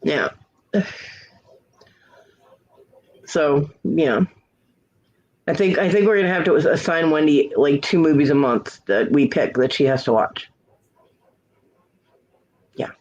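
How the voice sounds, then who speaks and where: A woman hosting a casual live stream hangout, chatting in an animated way and laughing often. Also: low voice, slow, pauses often, muffled recording. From United States. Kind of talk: casual chat.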